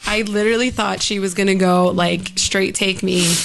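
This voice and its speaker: A woman guesting on a casual podcast chat, expressive and dramatic, quick to exclaim. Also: medium pitch, creaky.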